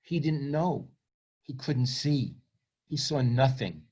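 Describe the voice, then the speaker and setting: A man's voice: medium pitch, expressive, slow, a little mellow, husky. A man, reading from his book and then talking about himself in a reflective, self-deprecating way. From Brooklyn, New York. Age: 70s. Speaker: author.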